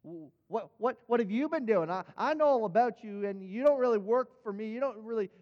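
A man's voice: high voice, lively intonation, a little fast. A man preaching a sermon, acting out God as a stern deity who questions the devil. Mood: questioning. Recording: dull, echoing church hall.

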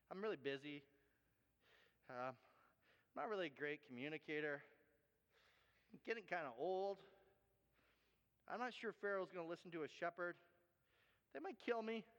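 A man's voice: fairly high pitch, fairly bright tone, highs cut off, natural voice. A man playing Moses as a reluctant, excuse-making older man. He stammers and pleads, and the hall reverb hangs after his words.

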